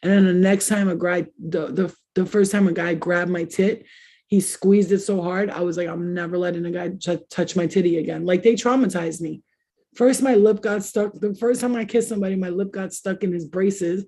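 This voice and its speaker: A woman's voice: on the low side, fairly even intonation, normal speed, warm tone. A young adult woman chatting casually as host, telling candid, crude stories and laughing often. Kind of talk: casual chat.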